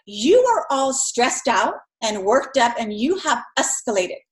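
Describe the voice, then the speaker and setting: A woman's voice: on the high side, sing-song. Chatty woman lecturing in an echoey room. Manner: conversational, acts out parents and children in quick voices. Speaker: instructor. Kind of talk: recorded lecture.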